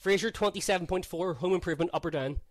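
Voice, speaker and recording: A man's voice: sits high, quick pace, no echo. A young Northern Irish man co-hosting a podcast in casual, teasing banter, laughing often. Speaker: podcast co-host.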